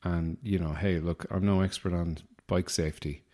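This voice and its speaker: A man's voice: sits low, fairly even intonation, normal speed, a little mellow. An Irish man hosting a podcast, delivering a rambling, self-deprecating comic monologue with a wry manner. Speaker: podcast host.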